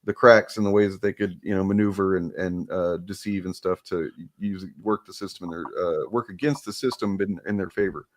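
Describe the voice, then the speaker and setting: A man's voice: deep voice, fairly even intonation, fairly quick, hardly any pauses, dry recording. A man chatting casually on a podcast, rambling and searching for words. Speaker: podcast co-host. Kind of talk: casual chat.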